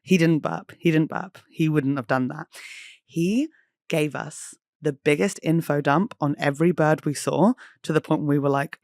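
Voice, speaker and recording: An English woman in her thirties hosting a solo podcast, telling stories in an animated, chatty way, swearing freely and mimicking people. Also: low-pitched, moderate pace, dry recording, studio quality. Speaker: podcast host.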